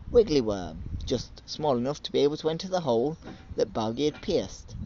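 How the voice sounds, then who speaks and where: A man in a podcast telling an old myth in measured, storytelling narration. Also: medium pitch, darkish tone, highs cut off.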